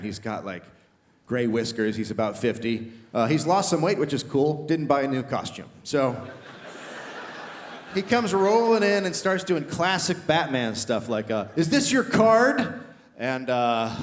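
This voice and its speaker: A middle-aged man doing animated stand-up comedy, shouting his acted quotes. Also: medium pitch. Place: large theater stage. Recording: reverberant theater hall. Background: audience laughter.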